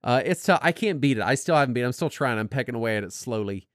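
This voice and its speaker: A man co-hosting a casual podcast chat, animated and casually swearing. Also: mid-range voice, very fast, no room sound, clean studio sound. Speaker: podcast co-host.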